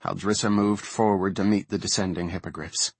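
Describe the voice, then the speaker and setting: A man reading a fantasy novel aloud as an audiobook narrator, in a measured, even storytelling manner. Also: low voice, husky, no room sound.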